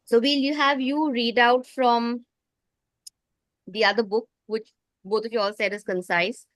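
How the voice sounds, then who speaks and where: A woman's voice: fairly high pitch, steady tone, unhurried, no echo. A woman facilitating an online study group, explaining at length with a tiring voice. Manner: explains at length, often restarts phrases.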